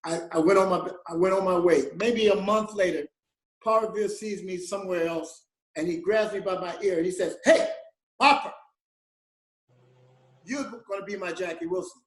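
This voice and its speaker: An animated male interview guest with a high voice, spinning a story and acting out the people in it. The sound rings a little in an echoey room, and he often breaks into laughter between lines. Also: moderate pace. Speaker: guest musician.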